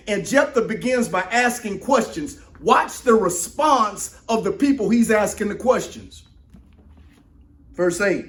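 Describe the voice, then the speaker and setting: A man preaching with a high-placed voice and heavy emphasis, repeating lines to drive them home. He swings from near-shouts to hushed, slowed-down asides. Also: animated, echoey room. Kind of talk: sermon-style motivational talk.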